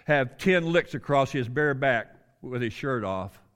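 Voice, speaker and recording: This is a big, bold schoolboy who stands up and speaks out in class, as a man puts him on while telling the story. His voice rises higher and louder than the storyteller's plain voice. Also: animated, measured pace, smooth. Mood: blunt.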